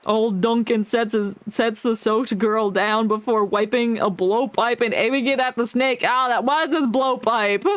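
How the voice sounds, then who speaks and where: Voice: medium pitch, steady tone, unhurried, hardly any pauses, a bit bright, dry recording. A streamer giving casual gameplay commentary, joking and reading dialogue aloud. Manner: jokey, reads dialogue aloud, laughs often.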